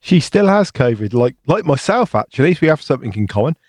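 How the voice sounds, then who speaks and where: A man from the UK joins a podcast as a guest correspondent, chatting in a relaxed, understated way with a dry wit. His voice sits at a middling pitch, with a dry, close sound. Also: fast talker, no room sound. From United Kingdom. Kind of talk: casual chat.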